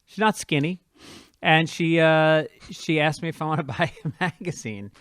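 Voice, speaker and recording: Bright-voiced comedian spinning a yarn. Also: male voice, on the high side, no room sound, studio quality. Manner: animated storyteller with quick asides. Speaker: podcast host and stand-up comedian. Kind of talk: comic storytelling in casual chat.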